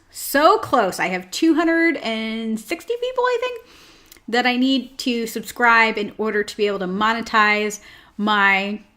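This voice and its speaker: A woman's voice: a little high, bright, forceful tone. A woman hosting her own show, chatting casually with lots of fillers and joking asides. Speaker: host. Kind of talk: casual chat.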